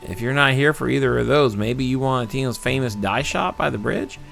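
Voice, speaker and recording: A man's voice: medium pitch, moderate pace, vocal fry, over music. A man voicing a stubborn, hopeful village pumpkin farmer who chats in a homespun way. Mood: chatty. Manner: chatty, homespun. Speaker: farmer character.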